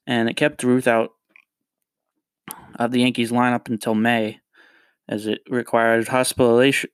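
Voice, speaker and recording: Man smooth, dry-sounding podcast host. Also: mid-range voice, no echo. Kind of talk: casual solo podcast talk.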